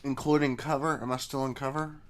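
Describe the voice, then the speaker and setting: A man's voice: medium pitch, flat delivery, fairly quick. Joking man playing at a game table. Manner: jokey, playful. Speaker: player.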